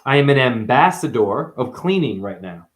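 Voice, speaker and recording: A man's voice: medium pitch, moderate pace. A man delivering a rambling, profane spiritual monologue to viewers, calling them "honey.". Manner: animated, profane, calls listeners "honey". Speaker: video monologue host.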